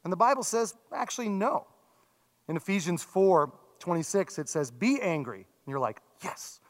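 A man in his thirties or forties, a pastor giving a sermon in a conversational, self-deprecating way with animated asides. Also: high-pitched, moderate pace. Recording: long reverb from a large hall.

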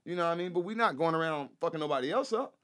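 Fast-talking emphatic man, podcast guest. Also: on the high side, animated, a bit bright. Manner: emphatic, repeats himself, keeps saying "you know what I'm saying"; profane, loose slangy delivery. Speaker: guest, rapper and activist. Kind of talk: casual podcast chat.

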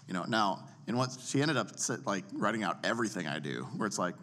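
Lively low-voiced man coaching speakers. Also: quick pace, few pauses. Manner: animated, demonstrates voices by swinging pitch widely. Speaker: preaching coach. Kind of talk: casual teaching chat.

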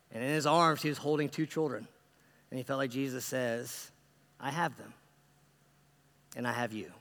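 A man's voice: medium pitch, vocal fry, a bit bright. A man preaching a sermon as a pastor, telling stories in an earnest, conversational way with frequent restarts, recorded in a church. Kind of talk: sermon storytelling. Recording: long reverb of a large hall.

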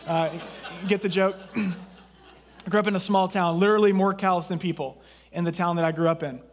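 High-voiced preaching man from Texas. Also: fairly even intonation, normal speed. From southeast Texas. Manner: conversational preaching with jokes and asides. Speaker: pastor. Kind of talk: sermon.

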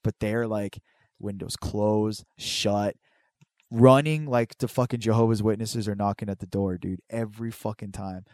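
A man's voice: lowish voice, fairly even intonation, a little slow, darkish tone, no echo, clean studio sound. A man telling a long personal story in casual chat, rambling and swearing, with many restarts. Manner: acts out quoted people in a raised voice.

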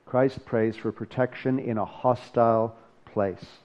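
A man's voice: medium pitch, steady tone, measured pace. Man preaching a conversational sermon, muffled recording. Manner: conversational and joking between scripture readings. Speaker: pastor.

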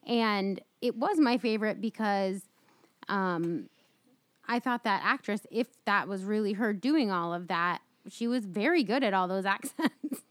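A woman's voice: mid-range voice, animated, unhurried, no room sound. A woman co-hosting a podcast in casual chat, blunt and frank, swearing now and then. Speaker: podcast co-host.

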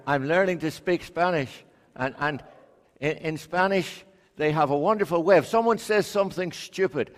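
Slow, high-voiced man preaching in a hall. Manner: slow, playful, acts out quotes. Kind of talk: storytelling sermon. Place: church. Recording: echoey hall.

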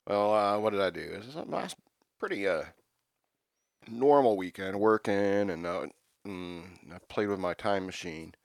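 A man on a comedy podcast telling an absurd made-up story in a deadpan, rambling way, breaking into loud rants. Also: fairly low pitch, unhurried, creaky, no room sound, studio quality.

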